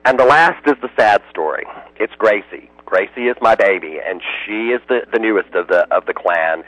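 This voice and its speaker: A man's voice: lowish voice, animated, normal speed, a bit bright, no echo, rough recording. An American man, a radio interview guest, telling emotional stories and slipping into other people's voices. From United States.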